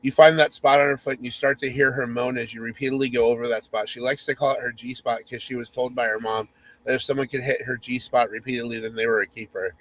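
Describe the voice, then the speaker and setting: Male host reading a spoof romance aloud; mock-sultry, teasing, medium pitch. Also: steady tone, fast, fairly bright tone, poor audio. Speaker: podcast host.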